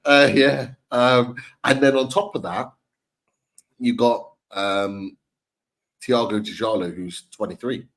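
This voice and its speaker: A man's voice: medium pitch, fairly even intonation, takes it slowly, a bit bright. A man co-hosting a casual football podcast, rambling and repeating himself as he talks through players. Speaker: podcast co-host. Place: home, remote live stream. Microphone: video call mic.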